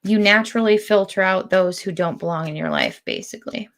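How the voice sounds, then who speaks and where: A woman giving spiritual readings on a live stream, speaking in slow, deliberate, drawn-out phrases. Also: mid-range voice, lively intonation, a bit bright. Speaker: spiritual reader.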